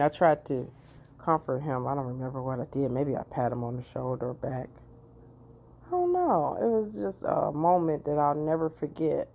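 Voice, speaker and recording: Low gravelly therapist lady in her 40s, chatty advice, dark mellow tone. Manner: chatty, personal, animated asides to the viewer. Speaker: therapist and life coach. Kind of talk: casual advice monologue.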